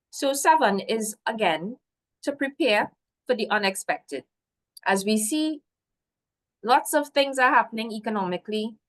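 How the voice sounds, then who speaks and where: A woman presenting a business workshop over a video call, encouraging and working through a list of points. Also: medium pitch. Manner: encouraging, lists points, frequent "so". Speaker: workshop guest host. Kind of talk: webinar presentation.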